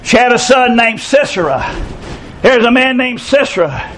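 A man, preaching a folksy sermon, stretching key phrases slowly and breaking into shouts. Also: very high-pitched, lively intonation, slight background noise, poor audio. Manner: folksy storytelling preacher, drawn-out emphatic phrases, bursts of shouting. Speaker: pastor.

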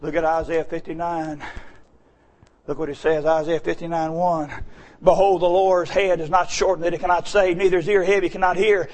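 A middle-aged man preaching a sermon, swinging between quiet asides and shouted, high-pitched exclamations. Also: flat delivery, moderate pace, rough recording.

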